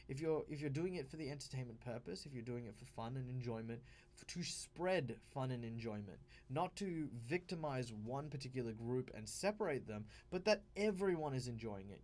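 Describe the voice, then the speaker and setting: A man's voice: mid-range voice, darkish tone. An Australian man hosting a tabletop game advice video, talking casually and emphatically with lots of fillers and restarts.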